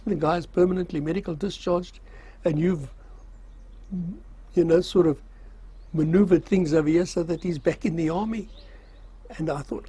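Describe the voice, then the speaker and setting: A man's voice: a little high, fairly even intonation, normal speed, long pauses, mellow, slight background noise. An older man casually recounting his army days in a rambling, self-mocking way, with fillers and chuckles. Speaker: storyteller recalling army service. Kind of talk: casual spoken memoir.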